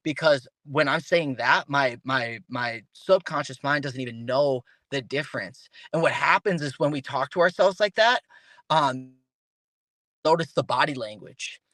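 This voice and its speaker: A man speaking as a guest on an interview podcast in casual, animated talk. He often restarts his sentences and acts out the voices of the people he quotes. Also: mid-range voice, measured pace, dry recording.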